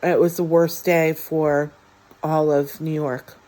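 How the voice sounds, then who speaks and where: A woman in her forties from the United States telling a personal story from her life, halting and heartfelt, with many fillers and restarts. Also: low voice, level tone, dark tone. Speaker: vlogger.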